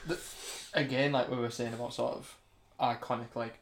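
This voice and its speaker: A man's voice: medium pitch, flat delivery, moderate pace, roomy sound. A man co-hosting a podcast, chatting casually with short easygoing replies. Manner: easygoing, brief replies, says mate. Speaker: podcast co-host. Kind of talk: casual chat.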